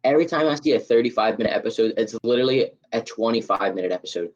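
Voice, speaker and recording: A young man hosting a casual podcast chat, talking in an animated, ranting way. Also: medium pitch, racing. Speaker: podcast host. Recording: dull lo-fi mic.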